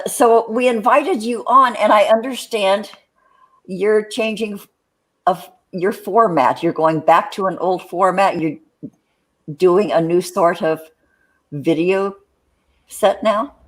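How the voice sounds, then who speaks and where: A woman's voice: medium pitch, takes it slowly, pauses often. An older woman hosting a casual live chat on a video call, rambling with lots of fillers. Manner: rambling, many fillers and restarts. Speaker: host.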